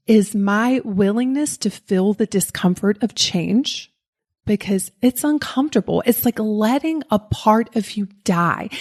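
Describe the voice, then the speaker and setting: A woman's voice: medium pitch, darkish tone. A woman with a Southern US accent hosting a podcast, telling a personal story in a candid, self-deprecating way and laughing at herself. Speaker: podcast host.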